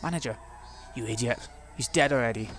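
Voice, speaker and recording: A man's voice: medium pitch, brisk, a bit bright, soft background music, natural voice. A man reading the lines of panicked male construction workers in a visual novel, frantic and breathless.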